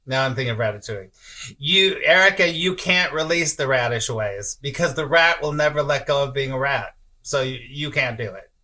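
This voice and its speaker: A man's voice: medium pitch, moderate pace, pushed and bright. A man giving a casual spiritual talk on a live stream, reading viewer comments aloud, often chuckling and repeating himself. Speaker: spiritual teacher.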